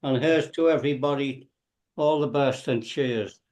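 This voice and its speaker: A man's voice: mid-range voice, normal speed, darkish tone. A man from Liverpool with a Scouse accent speaking jovially on a video call. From Liverpool, England. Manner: jovial, toasting. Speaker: participant.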